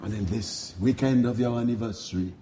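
A man preaching a sermon with a dramatic, repetitive cadence, dropping to hushed tones and building to shouted peaks. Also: fairly quick, lo-fi sound, a little hiss or hum. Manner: dramatic, swinging from hushed lows to shouted climaxes.

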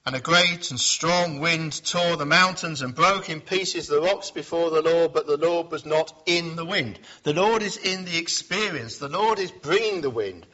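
A man preaching a sermon in a reflective way, rising for emphasis and then dropping low and quiet. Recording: dull lo-fi sound.

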